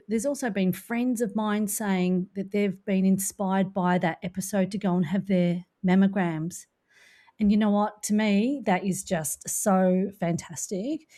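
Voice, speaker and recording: A woman's voice: mid-range voice, dark tone. Woman podcast host; chatty, playful, pun-happy. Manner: chatty and playful, fond of puns. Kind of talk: casual podcast chat.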